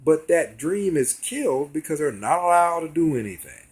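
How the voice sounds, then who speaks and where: A man's voice: fairly high pitch, expressive, normal speed, a little mellow, breathy edge. A man recounting his experiences in an earnest, casual monologue straight to his viewers. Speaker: vlogger. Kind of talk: casual direct-to-camera monologue.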